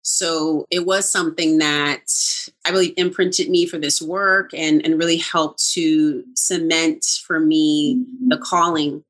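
A middle-aged woman telling a personal story in casual conversation, animated and acting out quoted lines, with frequent laughs. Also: sits low, slow pace.

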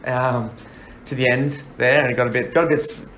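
A man's voice: mid-range voice, fairly even intonation, a little fast, a bit bright. A young man co-hosting a podcast, chatting loosely and swearing between laughs. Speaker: podcast co-host. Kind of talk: casual banter. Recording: echoey room with faint noise.

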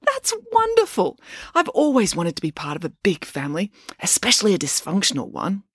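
A woman voicing a sunny, self-assured girl who talks in a bright, bubbly way. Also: fairly low pitch, big pitch swings, fast, slightly rough, no room sound, studio quality, exaggerated voice.

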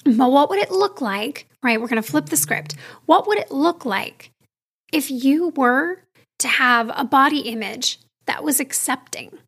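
A high-voiced woman in her thirties hosts her own podcast alone. She speaks candidly and chattily, straight to her listeners, as if confiding in friends. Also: lively intonation, a little slow, a bit bright. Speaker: podcast host. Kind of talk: solo podcast monologue.

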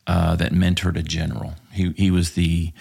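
A man's voice: low-pitched, little pitch movement, moderate pace, vocal fry, a little mellow, slightly rough. A man from Texas, telling war stories as a podcast guest, swearing freely and rambling with lots of fillers. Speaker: podcast guest, former police officer. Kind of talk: casual storytelling interview.

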